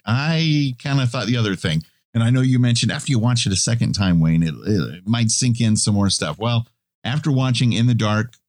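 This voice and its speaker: A man co-hosting a podcast in casual chat, with a relaxed, wry way of talking. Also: medium pitch, dry recording, studio quality. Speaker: podcast co-host.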